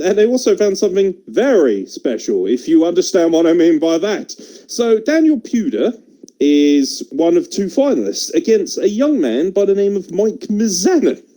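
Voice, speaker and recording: A man's voice: high voice, warm tone. A man from England co-hosting a wrestling podcast, talking casually, swearing and laughing as he riffs. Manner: sweary, laughing, puts on impressions. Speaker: podcast co-host.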